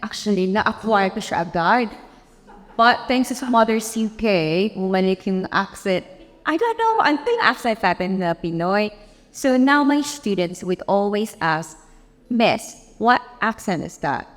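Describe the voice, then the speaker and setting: A woman's voice: medium pitch, animated, unhurried. A woman with a Filipino accent answering on a conference panel, chatty and laughing, sometimes switching into Tagalog. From Philippines. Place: conference hall. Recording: long hall reverb.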